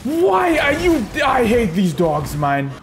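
Gamer guy, high animated voice, unhurried, talks trash at enemies; noisy capture with game sound. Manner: playful, talks back to enemies and chuckles. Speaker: gaming video creator. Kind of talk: casual gameplay commentary.

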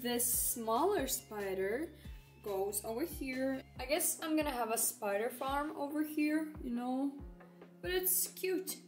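A woman's voice: high voice, animated, takes it slowly, a little mellow, faint music behind. Chatty teen girl in an echoey room. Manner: chatty and upbeat, showing off decorations. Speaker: vlogger. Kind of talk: casual vlog narration. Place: bedroom.

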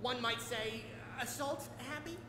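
A man's voice: extremely high pitch, fairly even intonation, unhurried, a crowd in the background. A man voicing a sarcastic, lazy sock puppet co-host in a video game, with a theatrical manner.

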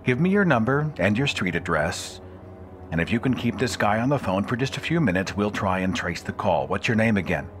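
A man voicing a calm, businesslike male police dispatcher reassuring a caller. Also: fairly low pitch, brisk, soft background music.

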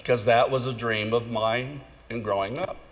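A man telling a humorous, self-mocking story in a sermon, animated and jumping into high voices for comic asides. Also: moderate pace. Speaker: conference speaker. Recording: long hall reverb, faint room noise.

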